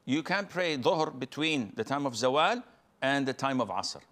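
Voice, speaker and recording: A male Islamic scholar answers a caller in a calm, teacherly way. His voice sits at a middle pitch. He lays out each point in order and slows down on the key details. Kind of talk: religious Q&A explanation.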